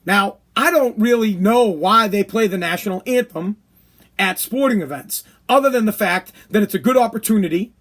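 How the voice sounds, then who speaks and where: A man's voice: high voice, normal speed, a bit bright. A man hosting his own podcast, ranting bluntly in a casual monologue and swearing often. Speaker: podcast host.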